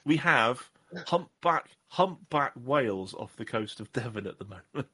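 A man's voice: mid-range voice, animated, measured pace, bright, forceful tone, breathy edge. A man from southwest England, co-hosting a podcast in rambling, self-mocking casual chat. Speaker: podcast co-host.

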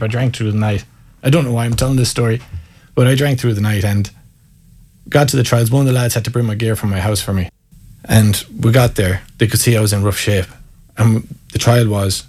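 A husky Irish man in his thirties, pitched low, telling self-mocking anecdotes. He spins his tales in a casual chat, laughing at himself. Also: a little mellow. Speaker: guest, former footballer. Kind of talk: casual storytelling.

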